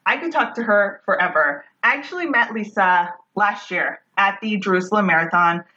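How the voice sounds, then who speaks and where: A woman's voice: mid-range voice, expressive, moderate pace, sharp tone, muffled recording. A woman hosting a podcast, talking in a bubbly, gushing, chatty way. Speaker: podcast host. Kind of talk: casual podcast intro.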